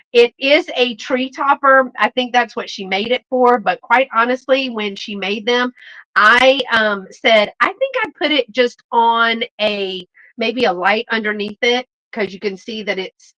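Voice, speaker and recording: Slow-talking chatty woman. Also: medium pitch, bright, forceful tone, poor audio. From Texas. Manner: folksy, chatty, greets viewers by name. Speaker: live sale host. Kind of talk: chatty live sale selling.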